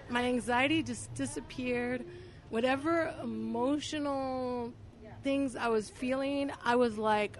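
A woman guest telling a personal story in casual conversation, full of "like" and restarts, getting louder and quicker as she gets excited. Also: high-pitched. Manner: filler-heavy, talks with 'like', gets louder and faster when excited. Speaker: podcast guest.

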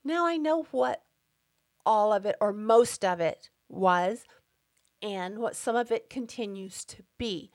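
A woman's voice: medium pitch, slow. A middle-aged woman hosting her own podcast, speaking an emphatic, indignant personal monologue and getting worked up as she talks. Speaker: podcast host.

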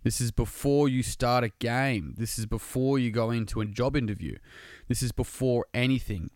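A man's voice: mid-range voice, normal speed, a little mellow, dry recording, clean studio sound. A man talking casually and earnestly about breathing and being present, swearing freely as he goes. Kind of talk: casual motivational monologue.

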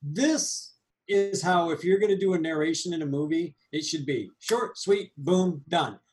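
A man co-hosting a casual movie review chat, animated and laughing, with quick asides. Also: on the high side. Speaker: podcast co-host.

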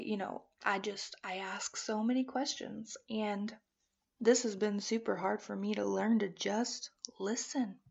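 A woman's voice: mid-range voice, fairly even intonation, a little slow, creaky, darkish tone, slightly rough, highs cut off. A woman talking earnestly and chattily about her faith, with lots of "you know" fillers. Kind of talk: personal faith talk to camera.

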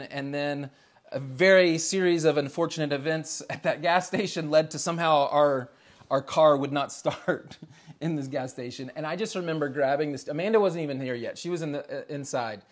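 An American pastor in his thirties preaches a relaxed, conversational sermon, telling it like a story and chuckling often between phrases. His voice is a little high and his pace moderate.

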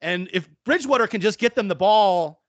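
High bright voice guy ranting about football, swears a ton, dry close mic. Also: animated, fairly quick, dry recording, highs cut off. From New Orleans area. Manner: blunt, profane, ranting. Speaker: podcast co-host. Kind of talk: casual sports chat.

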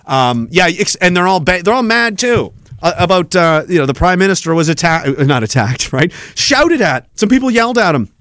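A man's voice: sits high, big pitch swings, fairly quick, a bit bright, dry recording, studio quality. A man hosting a podcast, ranting angrily and sarcastically with lots of swearing while reading viewer comments. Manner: angry, profane, sarcastic ranting. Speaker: podcast host.

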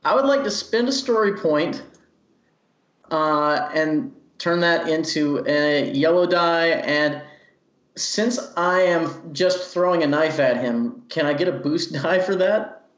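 A man's voice: a little high, slow, fairly bright tone. A man playing a tabletop game in a joking, laughing way. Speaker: player. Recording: dull echoey room sound.

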